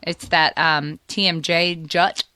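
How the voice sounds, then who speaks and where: A woman's voice: on the low side, steady tone, takes it slowly, sharp tone, no echo. A woman, the host's wife, chatting casually on a podcast, explaining at length with lots of fillers. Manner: rambling, explanatory, filler-heavy. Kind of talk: casual chat.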